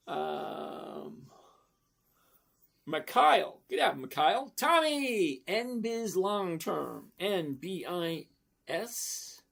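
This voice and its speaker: A man's voice: fairly high pitch, gravelly, fairly bright tone, husky. An older retired man casually hosting a live stock chat, blunt and rambling, answering viewers one by one. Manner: chatty, blunt, rambling asides. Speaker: stock market livestream host.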